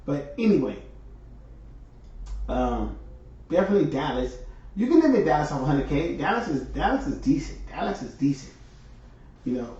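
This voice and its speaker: A man's voice: on the high side, big pitch swings, normal speed, long pauses, warm tone. A man hosting a livestream, chatting loosely with his viewers and greeting them by name. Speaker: livestream host. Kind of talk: casual chat with viewers. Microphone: far from microphone. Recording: echoey distant lo-fi room sound.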